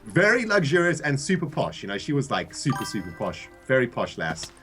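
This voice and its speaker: A man's voice: medium pitch, a little fast, soft background music. A man from South Africa with a South African accent, co-hosting a livestream and telling a story in casual chat. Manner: animated storyteller, laughs often, restarts. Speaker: co-host of a game livestream.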